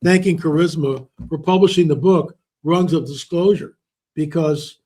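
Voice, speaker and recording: A man's voice: fairly high pitch, normal speed, dark tone, husky. A man speaking as an interview guest, telling stories emphatically and repeating words for stress. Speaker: interview guest, author and researcher. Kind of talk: conversational interview talk.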